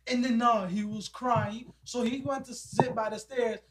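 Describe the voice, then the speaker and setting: A man's voice: extremely high pitch, a little slow, background noise. A young man casually telling a funny story among friends, laughing and acting out what people said. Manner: animated, laughing, acts out quotes.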